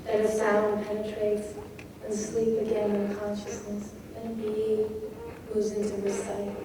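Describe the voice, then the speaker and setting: Woman poet teaching craft, unhurried, heard from far off in a roomy hall. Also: medium pitch, completely flat delivery, noisy background. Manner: slow, reads lines aloud and dwells on their sounds. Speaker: poet giving a craft talk. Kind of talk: lecture on poetry craft. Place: lecture hall.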